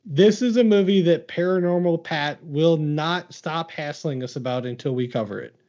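A man's voice: on the high side, moderate pace, darkish tone. A man hosting a podcast in casual chat, upbeat and laughing often, with many filler words. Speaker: podcast host. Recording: dull lo-fi sound.

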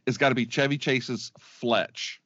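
A middle-aged man chatting as a podcast co-host, rambling with eager restarts. His voice sits at an ordinary pitch. The sound is dry and a bit dull, as if recorded on a modest mic. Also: steady tone, a little slow, a bit bright, dry recording. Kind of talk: casual chat.

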